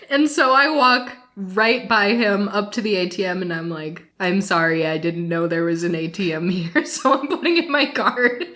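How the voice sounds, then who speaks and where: A woman co-hosting a podcast, telling a self-deprecating anecdote in an animated way and laughing often. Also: mid-range voice. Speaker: podcast co-host.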